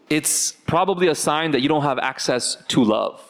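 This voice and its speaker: A man speaks to a class in a casual, conversational tone. He keeps checking in with his listeners through rhetorical questions. His voice sits fairly high and swings widely in pitch. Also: normal speed, few pauses. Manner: animated, rhetorical questions to the audience. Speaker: teacher. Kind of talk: conversational religious class talk.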